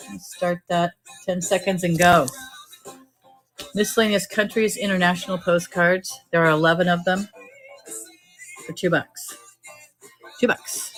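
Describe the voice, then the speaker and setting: A woman selling postcards on a live-stream auction, talking briskly and joking as she sorts through stacks. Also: on the low side, fairly bright tone, poor audio. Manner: brisk, joking, thinking aloud while sorting items. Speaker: online auction seller.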